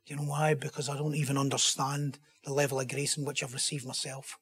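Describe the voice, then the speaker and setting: A man preaching a sermon, impassioned and building to loud, emphatic rhetorical questions. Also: medium pitch, level tone, fast talker, husky.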